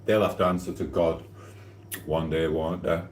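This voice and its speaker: A man's voice: rumbling low, flat delivery, normal speed, echoey room, slight background noise. A man hosting a casual live stream from his kitchen, rambling and cheekily flirting with his chat while eating. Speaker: livestream host. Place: home kitchen.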